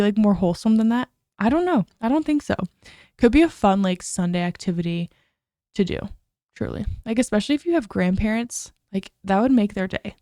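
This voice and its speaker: A woman's voice: mid-range voice, mellow, no room sound, clean studio sound. A young woman hosting a podcast, chatting in a bubbly, gushing way full of "like" and "oh my gosh". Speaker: podcast host. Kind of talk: casual chat.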